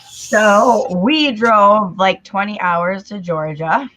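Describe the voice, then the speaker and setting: A woman from the United States co-hosting a casual live stream, telling her story in a relaxed way. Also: mid-range voice, slow pace, no echo. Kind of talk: casual chat. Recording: dull lo-fi remote audio.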